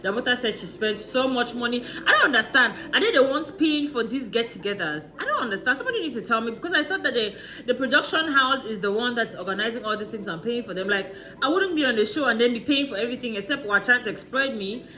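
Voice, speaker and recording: A woman's voice: fairly high pitch, lively intonation, fast, pushed and bright. A woman chatting through a casual, gossipy recap of a reality show, laughing often and asking rhetorical questions.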